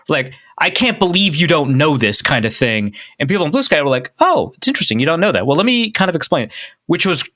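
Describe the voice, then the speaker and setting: Podcast co-host, male, from North Dakota, bright voice, lively pitch, laughs a lot. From North Dakota, USA. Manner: animated storytelling, laughs often. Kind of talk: casual chat.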